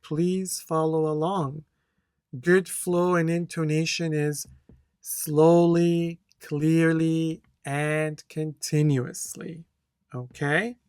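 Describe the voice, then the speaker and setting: Test-prep instructor, very slow, deliberate, keeps checking in with the class, dry close sound. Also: medium pitch, flat delivery, darkish tone, clean tone, no room sound. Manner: slow, deliberate, checks in with "okay?" after each point; reads a model answer aloud with careful intonation. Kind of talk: speaking test tutorial.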